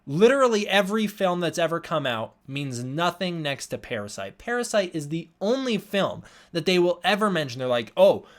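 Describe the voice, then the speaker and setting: A man's voice: sits high, very animated, moderate pace, few pauses. Young male streamer, tired, rambling casual chat with viewers. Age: young adult. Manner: rambling, reads and answers chat. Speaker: livestream host.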